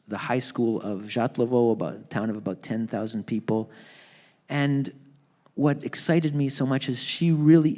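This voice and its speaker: A man telling a family story in a live onstage book talk, acting out the people in it with lively voices. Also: mid-range voice. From Canada. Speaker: author being interviewed. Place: theatre stage.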